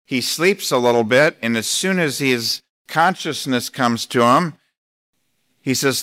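A man preaching a sermon as pastor, speaking deliberately and emphatically, slowing down to read scripture. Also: mid-range voice, a bit bright, dry recording, clean studio sound.

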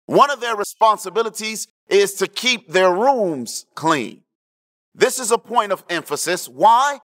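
Guy preaching a sermon, takes his time, bit higher voice, keeps asking the crowd if they're with him. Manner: preaching with call-and-response asides to the congregation; swings between hushed low lines and raised emphatic ones. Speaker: pastor.

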